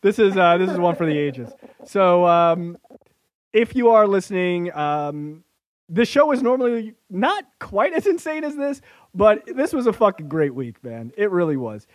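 A man's voice: sits high, very animated, normal speed, no room sound. A man hosting a podcast, chatting in a brash, profane way and laughing often. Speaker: podcast host. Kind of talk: casual profane comedic chat.

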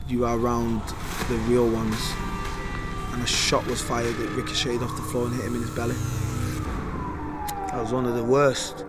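A man's voice: medium pitch, completely flat delivery, moderate pace, long pauses, over loud music. A man, a guest telling his life story in an interview in a streetwise, vivid way, mimicking gunshots and car sounds as he goes. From Manchester, England.

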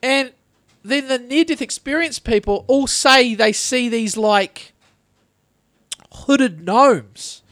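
A man's voice: extremely high pitch, slow pace, a bit bright, dry recording, studio quality. A man hosting a podcast, telling a rambling story in casual chat, swearing often. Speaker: podcast host.

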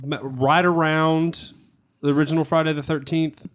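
A man's voice: on the high side, level tone, moderate pace, clear, resonant tone. A man co-hosting a podcast in easygoing casual chat, prompting stories. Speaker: podcast co-host.

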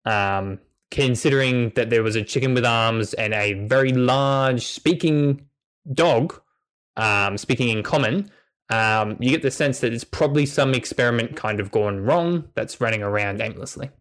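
A man's voice: medium pitch, normal speed, smooth. Game master guy narrating, kinda hesitant, lots of ums. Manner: relaxed, hesitant with many ums.

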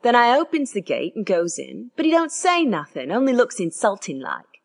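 A woman's voice: huge pitch swings, normal speed, gravelly, heavily acted. A woman reading aloud and voicing a young Cockney bellboy who peppers his speech with "sir". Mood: earnest. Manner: dropped grammar, constant "sir", higher pitch.

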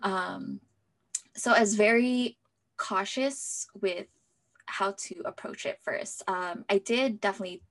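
At a slow, medium-pitched pace, a young woman chats through her own story as an interview guest. She leans heavily on "like" and at times softens to a near-whisper.

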